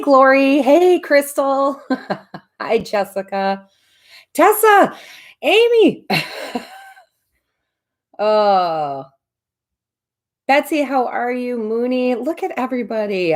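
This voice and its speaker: Bubbly woman hosting a live stream. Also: on the low side. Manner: warm, bubbly greetings of viewers by name, frequent laughs. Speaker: tarot reader and medium hosting a live stream. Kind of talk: casual live-stream chat.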